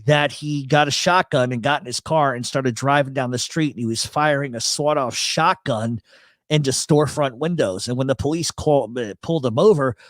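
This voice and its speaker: A man's voice: medium pitch, fairly quick, dry recording. Blunt, joking New York man hosting. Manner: blunt, joking, swears freely. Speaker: host. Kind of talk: casual livestream chat. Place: home studio. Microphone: expensive studio mic with voice processor.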